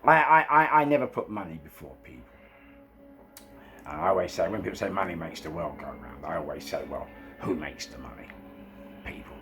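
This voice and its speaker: A middle-aged man with a London accent telling a nightclub security story, animated, laughing often and swearing freely. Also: deep voice, fairly quick. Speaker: former nightclub security boss. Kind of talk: storytelling anecdote. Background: background music.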